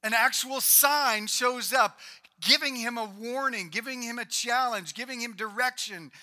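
Man, sermon, high-pitched, sharp bright voice, hushed to loud. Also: a little slow. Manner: dynamic preaching, swinging from loud emphasis to hushed. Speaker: pastor.

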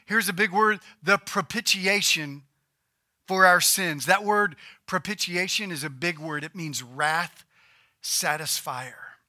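A man preaching a sermon, swinging from loud emphatic peaks to hushed, slow lows as he reads scripture. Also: no echo, clean studio sound.

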